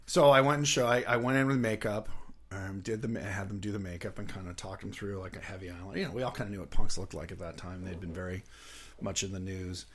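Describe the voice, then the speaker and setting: A middle-aged man who is a guest on an interview show, telling rambling, lively anecdotes and laughing often. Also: low-pitched, quick pace. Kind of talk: casual anecdotal storytelling.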